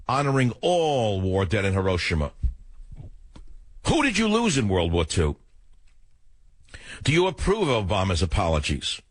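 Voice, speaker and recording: An older man hosting a talk radio show, emotional and emphatic, in a studio. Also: dry recording. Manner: emphatic, emotional, swings between loud and low. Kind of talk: political talk radio monologue. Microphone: studio microphone.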